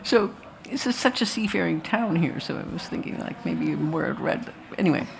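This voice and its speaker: A woman's voice: lowish voice, animated, normal speed, vocal fry, slight background noise. Rambling woman telling stories to an audience. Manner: rambling, anecdotal, with restarts and asides. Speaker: filmmaker talking about her film. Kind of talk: live post-screening talk to an audience. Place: festival talk before an audience.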